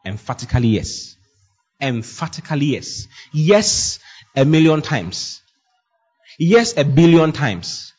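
Male preacher, husky and emphatic, with a muffled lo-fi recording. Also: a little high, sing-song, slow pace. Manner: emphatic, repetitive declarations, swings from loud to hushed. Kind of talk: sermon. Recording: dull lo-fi sound.

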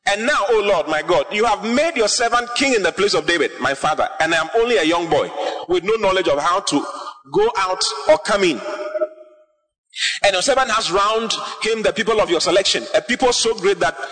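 A man preaching a sermon, impassioned, rising to shouts and sung phrases as he reads and explains scripture. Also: high voice, expressive, a little fast. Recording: long hall reverb, faint music.

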